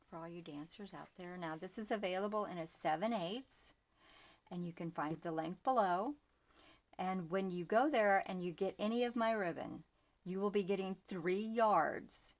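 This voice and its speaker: An older woman with grandchildren, chatting casually as she shows off ribbons from her shop, often dropping to a near whisper. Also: fairly low pitch. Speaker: small shop owner showing ribbons. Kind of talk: casual product show-and-tell.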